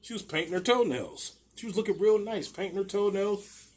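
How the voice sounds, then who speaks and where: Casting: husky, slightly high-voiced man, rambling profane storyteller. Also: normal speed, darkish tone. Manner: profane, rambling, many restarts. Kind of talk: casual storytelling.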